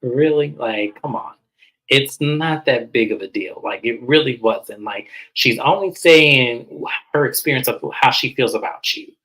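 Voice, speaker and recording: A man recapping a reality show in a blunt, gossipy, animated way, casual chat. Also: mid-range voice, a little slow, poor audio.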